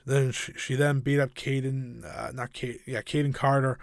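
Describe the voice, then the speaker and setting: A man's voice: medium pitch, level tone, normal speed, creaky, no room sound, studio quality. A man giving a casual, enthusiastic and opinionated recap of a wrestling show, rambling a little with fillers.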